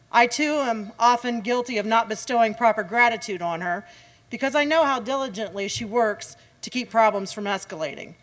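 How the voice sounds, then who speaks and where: Wry woman giving an award speech. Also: on the high side. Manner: wry, joking delivery. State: a little out of breath. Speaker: horsemen's association representative.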